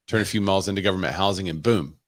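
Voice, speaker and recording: Deep voiced guy cohosting a real estate podcast, dry close sound, wry jokes. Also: fairly quick, no echo. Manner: wry, sarcastic asides. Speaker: podcast co-host. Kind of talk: casual podcast banter.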